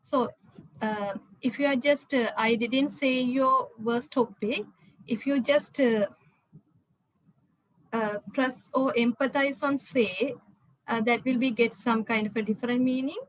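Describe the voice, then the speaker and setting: High-voiced woman lecturing with many fillers. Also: steady tone, unhurried, pauses often, no echo, rough recording. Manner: hesitant, frequent "uh" fillers and restarts. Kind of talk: slide lecture.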